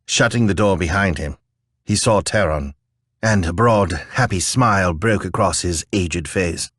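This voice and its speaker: A man narrating a fantasy audiobook in a measured, calm way. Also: deep voice, no echo, studio quality.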